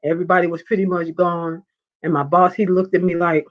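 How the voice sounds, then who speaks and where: A woman hosting a live faith talk show, reading viewer comments and telling a personal story in an animated way. She laughs often and acts out the voices of the people she quotes. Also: fairly low pitch, a little fast. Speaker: show host. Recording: dull lo-fi sound.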